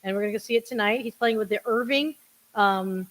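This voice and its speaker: A woman's voice: medium pitch, a little fast. A woman hosting a casual livestream chat, laughing and self-deprecating as she talks, with everyone sharing one microphone. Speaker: podcast host and producer. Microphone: single shared microphone.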